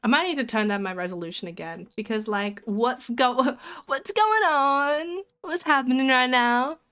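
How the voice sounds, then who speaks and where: Her voice leans high, pushed and bright: a young woman streamer giggling and joking with viewers as she plays a game. She keeps the gaming commentary casual, talking straight to chat.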